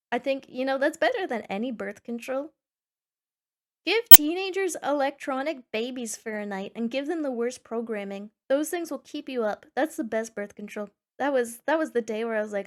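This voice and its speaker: A young woman streamer reading forum posts aloud and reacting in a sarcastic, animated way, with sudden loud squeals. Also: a little high, moderate pace. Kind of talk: casual reaction chat.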